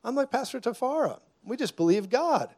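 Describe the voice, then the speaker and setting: A man preaching a sermon as a guest preacher, declaring loudly at times and then dropping to a hushed, intense tone, with jokes along the way. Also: very high-pitched, animated, fairly quick. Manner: jokey, laughs mid-sentence.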